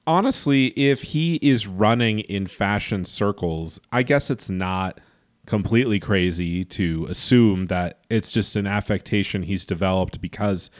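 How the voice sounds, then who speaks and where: A man with a very low voice trades deadpan, sarcastic one-liners with his co-host. He speaks in a relaxed, conversational way. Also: unhurried. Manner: dry, sarcastic quips. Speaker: podcast co-host. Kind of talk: casual reality-TV recap chat.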